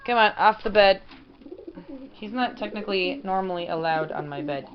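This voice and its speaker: A woman's voice: medium pitch, moderate pace. A woman in a casual home vlog, chatting fondly to her pet pigeon as she films. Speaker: pet owner vlogger. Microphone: camera mic. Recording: dull lo-fi camera audio with noise.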